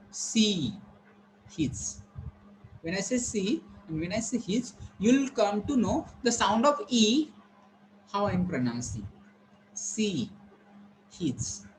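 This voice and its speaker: A man teaching vowel sounds, saying each example word slowly and repeating it. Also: high-pitched, slight background noise, poor audio. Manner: slow, repetitive, modelling each word carefully. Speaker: English pronunciation teacher. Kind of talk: classroom lesson on vowel sounds.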